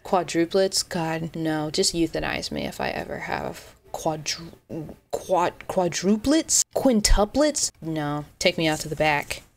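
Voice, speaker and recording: A young woman with a notably low voice riffs through an unscripted reaction video. She rambles, jokes at her own expense and restarts her sentences often, keeping it casual and chatty. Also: fairly even intonation, normal speed, vocal fry, hardly any pauses, slight background noise. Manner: rambling, joking, self-deprecating, many restarts. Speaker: YouTuber reacting to a Twitter thread.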